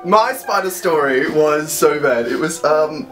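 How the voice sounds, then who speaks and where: A young man telling a spider story in casual chat, animated and swearing freely. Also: fairly high pitch, measured pace, faint music behind. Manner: swears a lot, animated, breaks into shrieks when acting out scenes. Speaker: vlogger.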